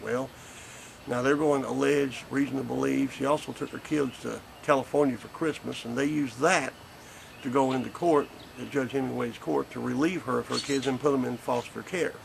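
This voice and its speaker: A man's voice: medium pitch, fairly even intonation, moderate pace, gravelly, slight background noise, low-quality recording. A man, a grandfather speaking bluntly and indignantly in a recorded statement. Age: 50s. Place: porch outdoors.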